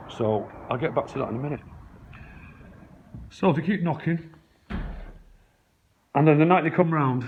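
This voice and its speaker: A vlogger tells his story to camera from his flat, muttering low in a conspiratorial way. His first-person account rambles, and he points around the room as he speaks.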